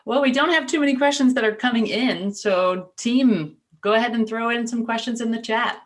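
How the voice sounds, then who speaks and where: A woman's voice: fairly high pitch, moderate pace. A woman moderating a live podcast over a video call, upbeat and cheerful as she brings in callers. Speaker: coach and show moderator.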